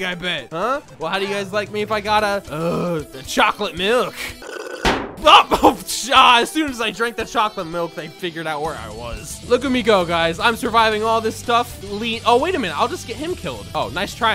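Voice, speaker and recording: A man hosting a gaming video, joking through playful commentary with bursts of loud exclamations. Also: high-pitched.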